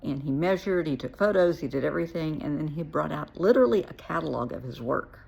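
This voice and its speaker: A woman's voice: deep voice, expressive, a little fast, gravelly, a little mellow, breathy edge. A woman who works as a therapist, telling her own story in a frank, blunt way with dry asides. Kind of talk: personal storytelling to camera.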